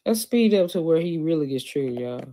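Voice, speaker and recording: A woman's voice: low-pitched, lively intonation, brisk, dark tone. A woman streamer giving casual, mocking commentary over a played clip, talking straight to her viewers.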